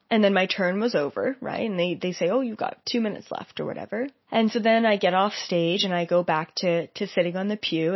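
A psychic medium, a woman, tells a story in a casual way and acts out the quoted lines with lively energy. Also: lowish voice, no echo. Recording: dull, dry lo-fi recording.

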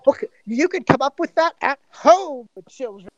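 A woman's voice: high voice, expressive, unhurried, no echo, highs cut off, pitched above the performer's own voice. A woman voicing Elian, a patient man who coaxes others like children. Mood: coaxing. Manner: coaxing, soothing.

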